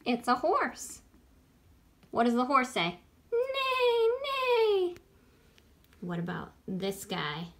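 A woman who is a children's librarian, gently teaching a sing-along lesson for small children. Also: medium pitch, animated, slow. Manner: gentle, encouraging, sings with ukulele.

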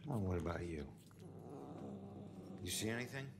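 A man's voice: low voice, expressive, normal speed. An actor playing a tough male detective in a game, terse and wry. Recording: game audio over crowd noise.

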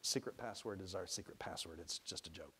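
A man voicing a gentle, patient grown man who reassures a small boy. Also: mid-range voice, animated, moderate pace, lightly acted. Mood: reassuring. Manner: soft, reassuring, sometimes whispering.

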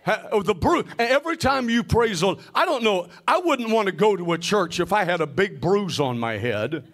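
A man preaching a sermon, calling out to the congregation and answering his own questions, often rising to a shout or a sing-song cadence. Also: high-pitched, expressive, normal speed. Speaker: pastor.

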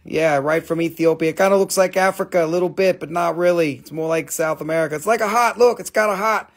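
Brash wiseguy rock dealer, a man putting it on, gravelly voice pitched up, loud, joking, profane. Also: quick pace. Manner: swaggering, profane, joking sales patter.

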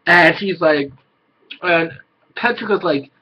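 A man giving an excitable, casual anime review, swearing a lot and breaking into loud exclamations. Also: a little high, slow, dull audio.

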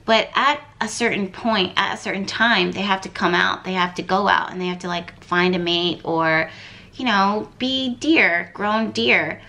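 A woman's voice: medium pitch, fairly even intonation, measured pace, sharp tone. A woman giving a casual tarot reading to camera, thinking aloud and rambling with lots of fillers and repeated words. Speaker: tarot card reader.

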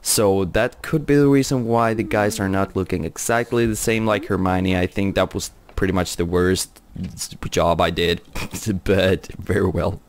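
A young man hosting a game let's play, talking quietly and rambling, with frequent repeated phrases and chuckles. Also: sits low, fairly even intonation, moderate pace. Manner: hushed, talking quietly so as not to wake someone. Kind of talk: casual game commentary.

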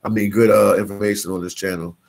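Guy doing a live travel vlog, lowish voice, reads chat out, gets loud and animated. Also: fast talker, creaky, rough recording. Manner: reads viewer comments aloud, slangy and animated. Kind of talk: casual live-stream chat. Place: in the Dominican Republic.

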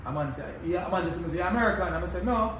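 An older Jamaican man spins laid-back stories in patois, his voice a little high for a man. He sounds far from the mic in a very echoey room with faint hiss behind him. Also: racing, fairly bright tone. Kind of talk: casual chat.

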